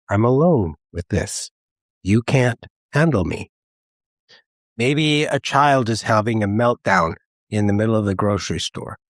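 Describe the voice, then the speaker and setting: A man hosting a podcast, talking in a calm, measured, gentle way in a scripted solo talk. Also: mid-range voice, no echo, studio quality. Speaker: podcast host, therapist.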